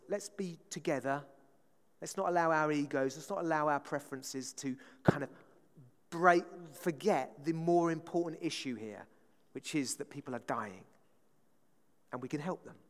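A man preaching a casual, conversational sermon, voice sitting a little high for a man. He keeps drawing the congregation in with quick questions. His words ring out with a long church-hall reverb. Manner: chatty, often asks the congregation "right?".

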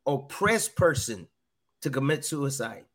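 A man's voice: mid-range voice, very animated, a little slow, crowd noise. A middle-aged man giving an earnest personal testimony as a podcast guest, often repeating his phrases. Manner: earnest, repeats phrases, quotes voices in dialogue.

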